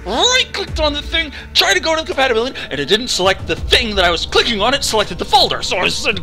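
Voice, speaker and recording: A let's play host ranting about getting a game to run, swearing freely and mocking the software in put-on voices. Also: high voice, sing-song, quick pace, few pauses, faint music behind. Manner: exasperated, profane storytelling with mocking voices. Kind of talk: ranting gameplay commentary.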